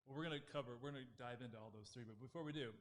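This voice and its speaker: A man's voice: medium pitch, racing. A man hosting an interview, asking questions in an upbeat way and leading into them with fillers. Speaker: interviewer host.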